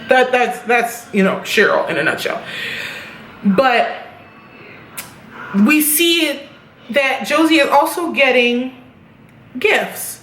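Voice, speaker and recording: A woman recapping a TV episode in a loose, chatty way, blunt and quick to swear. Her voice sits at an ordinary middle pitch. It bounces around a roomy space, with a faint hiss of noise underneath. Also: fairly bright tone. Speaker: TV episode reviewer.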